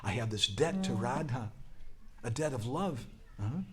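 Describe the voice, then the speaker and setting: Man, devotional talk, lively pitch, storytelling, whispers and chants. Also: normal speed. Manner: animated storytelling, drops to whispers, bursts into chanting. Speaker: spiritual teacher.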